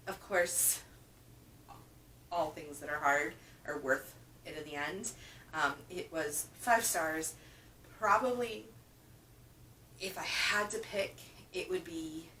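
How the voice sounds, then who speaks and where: A woman's voice: sits low, slow pace, pauses often, bright, forceful tone. A woman casually chatting through a reading wrap-up, emphatic and repeating words for stress. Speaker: book reviewer. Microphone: camera microphone. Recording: roomy, from a distance with faint hum.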